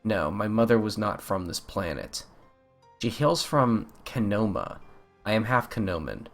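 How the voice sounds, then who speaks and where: A man's voice: lowish voice, sing-song, unhurried, soft background music. A man reading the lines of a captive half-alien young woman in a video game, in his own plain voice. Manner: reads game dialogue aloud plainly.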